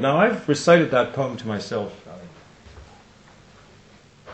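An older man giving reflective closing remarks at a conference, and slowing down to stress lines of poetry. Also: medium pitch, very animated. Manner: reflective, recites poetry with slow emphasis. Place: lecture room. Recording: roomy hall echo.

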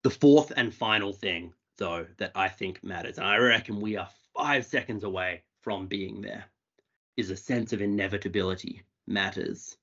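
A man with an Australian accent giving a quick, wry, plain-spoken talk to an audience on a video call. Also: fairly low pitch, fairly bright tone. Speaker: conference speaker. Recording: dull lo-fi call audio.

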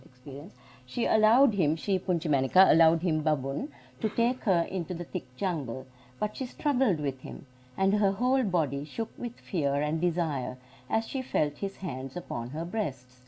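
A woman giving a keynote academic lecture, explaining carefully and pausing to search for words. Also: fairly low pitch. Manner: explanatory, reads extracts aloud, searches for words. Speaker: keynote speaker.

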